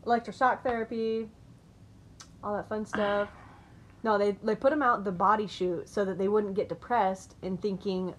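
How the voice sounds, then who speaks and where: A woman co-hosting a casual podcast, teasing and laughing, speaking slowly. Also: medium pitch, fairly even intonation. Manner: teasing, laughs often, slow drawl. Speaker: podcast co-host. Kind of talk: casual chat.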